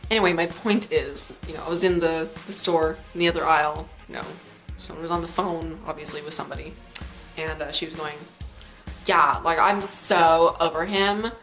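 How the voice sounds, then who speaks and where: Teen woman vlogger, lowish voice, dry sarcastic rant, faint music under it. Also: steady tone, fairly quick, a bit bright, low-quality recording. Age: late teens. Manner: sarcastic, chatty, rambling. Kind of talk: ranting vlog.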